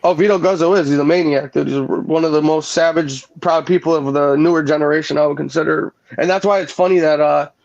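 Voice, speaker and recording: A man's voice: fairly high pitch, fairly even intonation, fairly quick, vocal fry, hardly any pauses, a little mellow, no room sound. A man talking casually on an online radio panel, rambling with lots of fillers and restarts. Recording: dull lo-fi sound.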